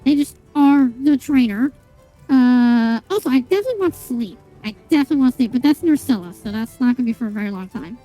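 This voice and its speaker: A young woman streams a game and chats casually with her viewers, rambling, swearing a lot, and filling her talk with fillers and restarts. Her voice is fairly high and dark-toned, with lively intonation and a quick pace. Faint music plays behind her on a low-quality recording.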